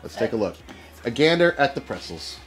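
A man's voice: medium pitch, brisk, soft background music. A man co-hosting a cooking livestream, chatting casually and joking as he runs through past recipes. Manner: relaxed, jokey, lists items off. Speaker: cooking stream co-host. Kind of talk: casual chat while livestreaming.

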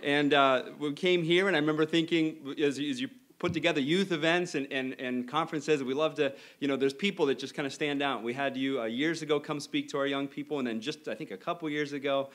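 A man's voice: fairly high pitch, fairly quick, few pauses, fairly bright tone. A man, the church's pastor, introducing a guest preacher in a friendly way with light teasing. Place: church sanctuary.

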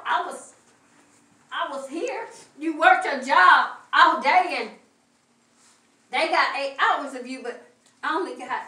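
A woman's voice: high-pitched, sharp tone. A middle-aged woman preaching a sermon with a fervent, repetitive cadence, heard in a church. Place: church sanctuary. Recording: echoey room from far off.

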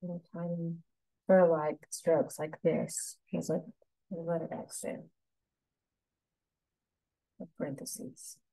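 Low, dark-voiced woman teaching painting. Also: little pitch movement, no echo, poor audio. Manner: soft, unhurried, murmuring instructions. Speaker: painting instructor. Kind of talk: step-by-step painting lesson.

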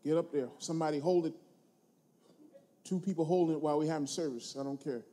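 A man preaching a sermon to his congregation, using call-and-response and moving between quiet asides and loud, emphatic points. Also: on the high side, fairly even intonation, quick pace. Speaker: pastor.

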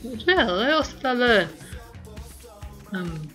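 A young woman chats her way through a life-simulation game at an unhurried, drawn-out pace. She rambles and giggles, thinking aloud between long pauses, with faint music under her voice. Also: fairly high pitch, very animated, sharp tone. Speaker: let's play host. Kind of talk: casual gameplay commentary.

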